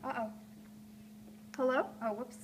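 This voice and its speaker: While drawing for a live call-in art show in a gallery, a woman rambles playfully and lets her sentences trail off, with the live stream room noisy around her. She has a high voice, keeps a steady tone, and speaks at a measured pace.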